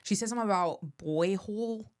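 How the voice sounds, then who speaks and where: A woman comedian, a guest on the podcast, telling rambling stories fast with frequent laughter. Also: mid-range voice. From Florida. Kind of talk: casual podcast chat.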